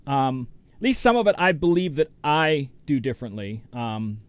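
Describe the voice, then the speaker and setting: A man's voice: medium pitch, animated, normal speed, smooth. A middle-aged man hosting a DJ livestream, chatting casually and rambling as he greets viewers by name. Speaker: DJ and show host.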